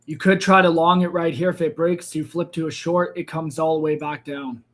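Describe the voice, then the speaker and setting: Man, slightly high voice, livestream trading host, casual, second-guesses himself, voice going. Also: little pitch movement, moderate pace, a bit bright. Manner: thinks aloud, second-guesses himself mid-sentence. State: losing his voice. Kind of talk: casual live market commentary.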